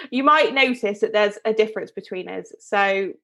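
A woman's voice: mid-range voice, lively intonation, measured pace, fairly bright tone. A woman from Devon co-hosting a podcast, telling a story in a chatty, casual way with lots of fillers and restarts. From Devon, England. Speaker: podcast co-host. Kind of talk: casual chat.

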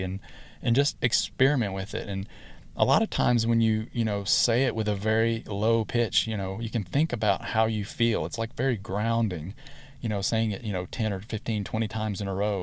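Low-voiced man hosting a halting podcast. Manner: halting, many fillers and restarts. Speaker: podcast host. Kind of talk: casual spiritual podcast talk.

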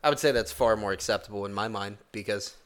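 A man's voice: fairly low pitch, fast, a bit bright. A man in casual chat, defending provocative takes with mock conviction. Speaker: podcast co-host.

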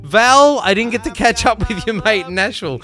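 A man's voice: sits high, animated, normal speed, sharp tone, soft background music. A man with an Australian accent hosting a podcast in loose, rambling casual chat, swearing freely and joking around. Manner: loose, profane, rambling and jokey. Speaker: podcast host.

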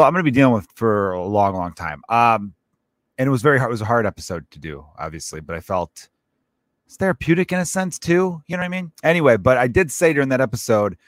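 A man's voice: on the low side, fairly bright tone, no room sound. A man hosting his own podcast as a stand-up comedian, rambling through a profane comic monologue and acting out little scenes in other voices.

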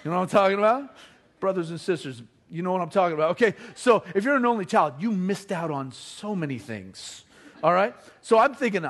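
A man's voice: high-pitched, brisk. A middle-aged man telling a comic family story to an audience, acting out the voices of his relatives. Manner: animated, acts out family members' voices.

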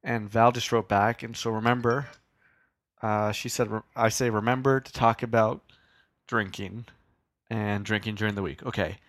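A man's voice: lowish voice, steady tone, moderate pace, fairly bright tone, no echo. A young man hosting a solo podcast in a casual, rambling, self-deprecating way, swearing now and then. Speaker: podcast host.

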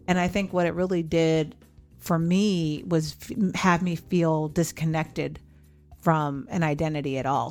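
A woman's voice: low-pitched, a little mellow. A woman in her forties hosting a podcast, candidly telling a personal story and acting out remembered dialogue. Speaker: podcast host.

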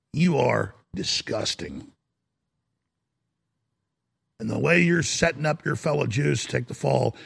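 A man's voice: mid-range voice, creaky, fairly bright tone, husky. A middle-aged man hosting a political talk show, ranting emphatically and calling his listeners folks.

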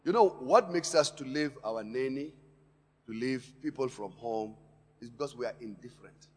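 A man preaching a sermon in a church, impassioned, swinging between quiet asides and loud emphatic lines and repeating words for stress. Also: mid-range voice, normal speed, slightly rough. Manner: impassioned preaching with sharp rises and drops in loudness. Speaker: pastor. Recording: long hall reverb in a church.

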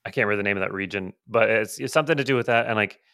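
A man's voice: on the low side, rapid-fire, sharp tone, no room sound, studio quality. A man co-hosting a podcast in casual chat, rambling with many fillers and restarts. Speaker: podcast co-host.

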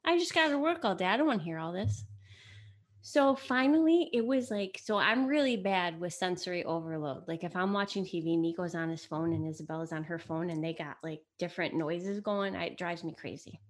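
Middle-aged woman, Italian first language, animated chatty storyteller, guest mother on a home-made chat show. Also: on the low side, brisk. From United States. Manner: lively storyteller, acts out quotes. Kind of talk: casual chat. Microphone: camera mic in home setting.

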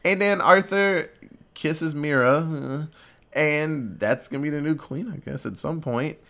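A man with a somewhat high voice chats loosely about a film, retelling its scenes. He swears freely and drops into quick voices for the characters as he goes. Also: a bit bright. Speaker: podcast co-host. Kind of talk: casual movie recap chat.

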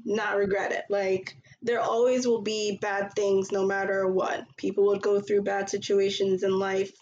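A woman's voice: medium pitch, little pitch movement, unhurried, a little mellow. Woman host, casual podcast, earnest and rambling, slightly dull recording with faint hiss. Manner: earnest, rambling with many fillers.

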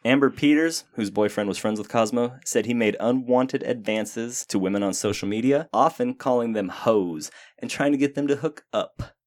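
A man's voice: medium pitch, normal speed, few pauses. A man hosting a casual podcast, reading out a case from a script with wry asides and frequent laughs.

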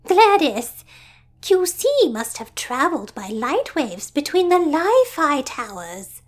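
A woman voicing a sweet-natured, gushing sister who talks in a high, effusive, sympathetic way. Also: big pitch swings, slow, full character voice. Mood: delighted.

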